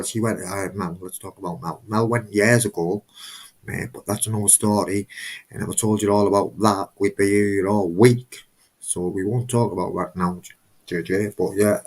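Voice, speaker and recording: A man's voice: fairly low pitch, husky. A man hosting a live stream, talking casually in a rambling, emphatic way and often repeating himself.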